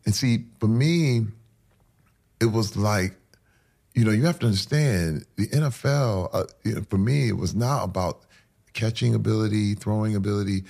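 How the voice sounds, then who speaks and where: A man with a gravelly, husky voice gives a candid interview. He tells heartfelt personal stories in an earnest way, with a roughness and a bit of breath in his tone. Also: fairly low pitch, moderate pace, a little mellow. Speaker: interview guest.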